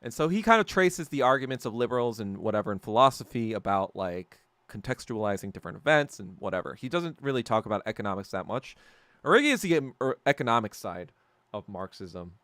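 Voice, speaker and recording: A man's voice: medium pitch, very animated, quick pace, fairly bright tone, dry recording. A man hosting a podcast livestream, ranting in casual, profane commentary that wanders between topics. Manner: profane, rambling and heated. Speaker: podcast host.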